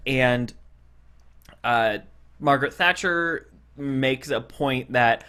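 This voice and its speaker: A man's voice: medium pitch, takes it slowly, bright, forceful tone, smooth. A man co-hosting a casual podcast, retelling a TV episode scene by scene, acting out the characters' lines with frequent restarts. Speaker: podcast co-host.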